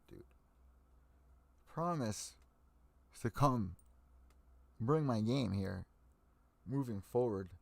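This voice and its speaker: Young male MMA podcast host, profane and fired up, medium pitch, very dry close sound. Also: a little mellow, no room sound. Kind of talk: ranting live stream commentary.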